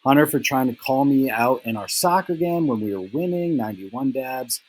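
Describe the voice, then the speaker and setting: A man's voice: medium pitch, expressive, moderate pace, breathy edge, rough recording. A young man hosting a casual fantasy football recap, teasing his friends in a rambling way full of "like" and "um.". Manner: teasing, lots of "like" and "um" fillers.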